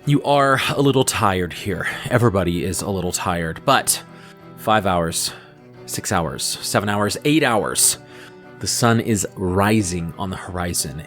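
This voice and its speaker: A man narrating as game master of a tabletop game, describing scenes in an unhurried way with frequent fillers. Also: low voice.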